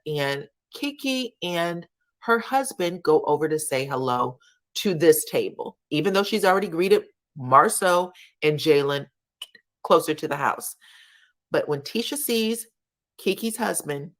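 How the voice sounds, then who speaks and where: A woman with a notably low, deep speaking voice walks through reality TV scenes in a loose, chatty commentary. She talks in an animated, colloquial way and slips into acting out the people she describes. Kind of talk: casual commentary chat.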